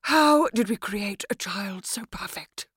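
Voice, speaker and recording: A doting, soppy mother, as a male narrator puts her on, gushing over her child in a breathy, lifted voice. It swings up and down a lot and sounds dry and close. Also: sits high, animated, takes it slowly, a bit bright, dry recording, pitched above the performer's own voice, heavily acted.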